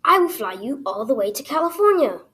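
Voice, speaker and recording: A big-brother bluebird talks in a slangy put-on accent, a little above the storyteller's usual voice and a touch louder, as a woman reading the tale plays him. He sounds earnest and protective of his little brother. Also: on the high side, big pitch swings, fast. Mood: helpful.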